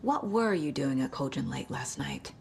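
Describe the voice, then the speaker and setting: A woman voicing a calm, methodical female federal agent questioning witnesses in a video game. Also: a bass voice, normal speed, gravelly, slight background noise, full character voice. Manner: calm, level, reassuring.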